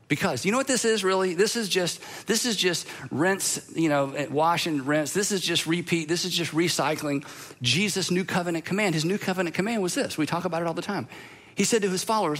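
A man's voice: high-pitched, lively intonation, moderate pace, fairly bright tone. A middle-aged man preaching a sermon to his congregation in a conversational, self-deprecating storytelling manner, dropping to a near-whisper when quoting scripture. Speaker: pastor.

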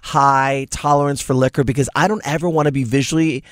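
An energetic man co-hosting a morning radio show, telling news stories in a relaxed, chatty way. His voice is mid-pitched and sits in a dry, close studio sound. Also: brisk, no room sound. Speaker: radio host.

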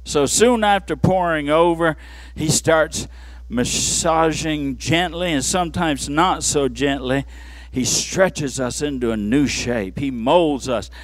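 A man preaching a sermon in church, swinging from low murmurs to shouted peaks with playful asides. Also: slow, no room sound. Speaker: pastor.

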